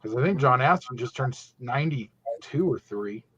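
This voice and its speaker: A man's voice: medium pitch, lively intonation, moderate pace, fairly bright tone, slightly rough, no echo, highs cut off. A man in his fifties, a guest on a video call, offering trivia and dry quips. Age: 50s.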